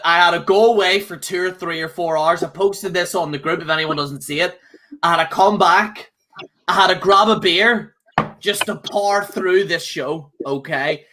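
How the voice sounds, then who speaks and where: Bright-voiced man on an angry rant. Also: high voice. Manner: angry, profane, repeats himself, keeps ending with "okay?". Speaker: co-host. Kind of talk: casual podcast rant.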